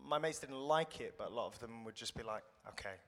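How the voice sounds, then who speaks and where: A man's voice: medium pitch, fast. A young British man chatting as a guest actor in an interview, thoughtful and self-deprecating, rambling with restarts. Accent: British English. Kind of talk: casual interview chat. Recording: reverberant room.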